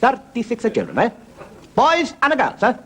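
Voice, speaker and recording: A man voicing a pompous old male pope with a mock Italian accent and a high, exclamatory manner. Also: wildly swooping pitch, moderate pace, background noise, heavily acted. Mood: effusive. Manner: high, sing-song, exclamatory.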